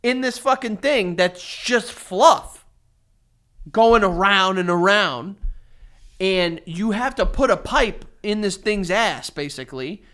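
A man co-hosting a casual podcast chat, loud and animated, swearing freely and breaking into loud laughter. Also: high voice, slow. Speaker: podcast co-host.

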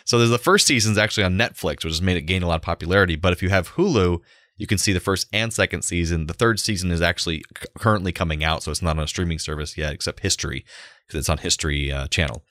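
A young adult man, co-hosting a casual podcast chat as an animated storyteller who laughs often. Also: deep voice, fast talker, no echo, studio quality. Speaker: podcast co-host.

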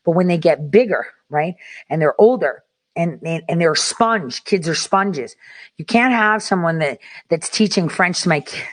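Addressing her viewers directly, a woman who is a parent goes on a blunt, swear-filled rant, restarting and repeating words as she goes. She speaks at a moderate pace in a fairly low, expressive voice, and the recording is dry.

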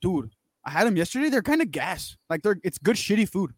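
A man's voice: sits high, very animated, fairly quick, dry recording. A man co-hosting a podcast in casual chat, slangy and tossing in joking asides. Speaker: podcast co-host.

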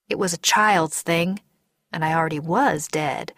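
A woman narrating a first-person story in a measured, deliberate way. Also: lowish voice, a bit bright, no room sound, studio quality. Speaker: audiobook narrator.

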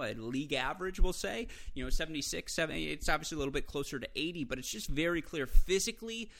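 A man from the United States hosting a solo podcast, talking through the week's action in an energetic, conversational way with self-deprecating asides. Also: fairly high pitch. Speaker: podcast host.

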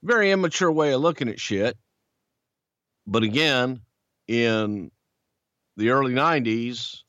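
A man's voice: fairly low pitch, dry recording. A man host telling a long backstage story in casual chat, swearing freely and acting out what others said. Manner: animated, profane storyteller acting out quotes. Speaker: podcast host. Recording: dull lo-fi dry sound.

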